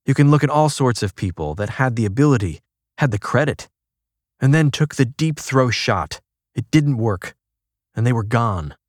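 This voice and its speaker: A man's voice: mid-range voice, animated, moderate pace, no echo, clean studio sound. Man reading a magazine feature. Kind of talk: scripted narration.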